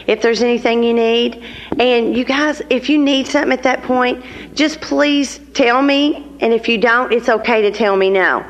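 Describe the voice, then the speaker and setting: A woman's voice: fairly high pitch, moderate pace, fairly bright tone, in a large hall, poor audio. A woman sales consultant sharing how she runs her class, chatty and earnest as she speaks directly to her listeners. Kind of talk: sharing a practice with a group.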